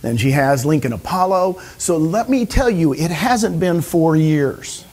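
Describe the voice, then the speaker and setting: A man giving an energetic motivational seminar talk to a live audience, often asking them questions. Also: fairly high pitch, measured pace. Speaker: speaker at a real estate training session.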